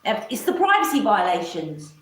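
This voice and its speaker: A woman's voice: mid-range voice, wildly swooping pitch, moderate pace, fairly bright tone. A woman ranting on a live stream, rambling, swearing often and mocking others in put-on voices. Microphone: camera mic. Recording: echoey room.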